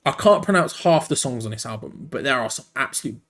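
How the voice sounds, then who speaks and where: Male host, tired, live fan commentary over a match, loose and rambling, medium-pitched voice. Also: lively intonation, fast, fairly bright tone. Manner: rambling and frank, cutting between play-by-play and asides. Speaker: host of a fan channel watch-along.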